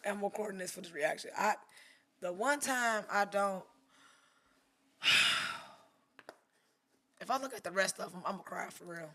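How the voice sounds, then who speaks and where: A woman photographer commenting live while editing photos, talking to herself, swearing freely, and swinging from loud outbursts to hushed murmurs. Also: medium pitch, measured pace, long pauses. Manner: profane, talks to herself. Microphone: streaming setup mic.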